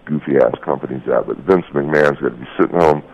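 A man's voice: extremely low pitch, fairly quick, creaky, darkish tone. A middle-aged man telling a heated, profane story over the phone and calling people "brother". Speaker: guest. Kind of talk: casual phone interview. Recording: lo-fi phone line.

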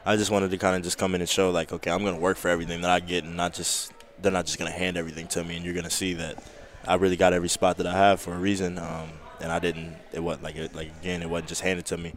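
Young football guy on a podcast, real low voice, talks quick and easy. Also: level tone. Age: young adult. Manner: laid-back, drawling, lots of fillers. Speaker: college football player guest. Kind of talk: casual interview chat.

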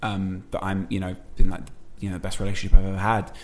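A man's voice: deep voice, monotone, fast talker, slight background noise. A man co-hosting a podcast, sarcastic and jokey in casual banter. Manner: sarcastic, jokey, mock-acts silly scenes. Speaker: podcast co-host.

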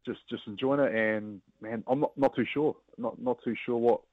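A rugby player, chatting as a guest over the phone in a laid-back, hesitant way with lots of fillers. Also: male voice, mid-range voice, normal speed, gravelly, no room sound. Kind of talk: casual chat on a phone line. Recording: dull, dry phone-line sound.

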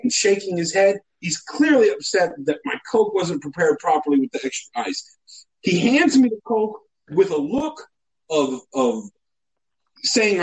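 Animated high-voiced man telling a story. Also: unhurried, low-quality recording. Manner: animated, mock-indignant storyteller. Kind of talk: casual comic storytelling.

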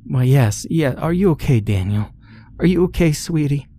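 A man's voice: on the high side, lively intonation, normal speed, dark tone, slight background noise, voice pushed up, close to an everyday voice. A man voicing a frightened woman who pleads in a panicked, raised voice, in a horror story reading. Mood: frantic.

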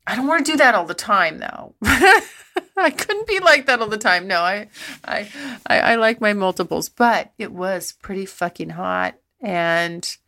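A woman's voice: mid-range voice, expressive, a little slow, vocal fry, pushed and bright. A woman, middle-aged, hosting a podcast and telling frank personal stories in a rambling, breathless way, laughing often. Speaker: podcast host. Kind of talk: candid personal storytelling.

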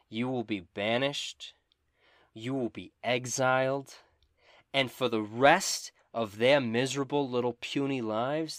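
A man's voice: mid-range voice, dry recording, clean studio sound, pitched above the performer's own voice. A man voicing a menacing male villain who sneers and swears at a fallen hero in a tabletop game.

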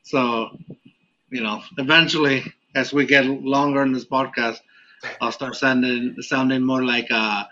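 Man from Mexico, podcast host, bright tone, rambling and relaxed; lo-fi sound. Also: mid-range voice, a little slow, a little hiss or hum. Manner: laid-back, rambling, many fillers. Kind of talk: casual podcast chat. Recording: dull lo-fi audio.

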